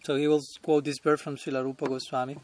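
A man's voice: on the high side, little pitch movement, quick pace, a little mellow. A man giving a devotional lecture at a temple as a swami, chuckling often and talking conversationally while searching for words.

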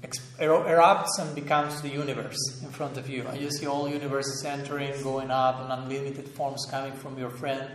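A man giving a relaxed talk on scripture as a spiritual teacher, thoughtful, chuckling often and searching for words. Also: medium pitch, moderate pace, hardly any pauses. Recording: roomy echo, faint room ambience.

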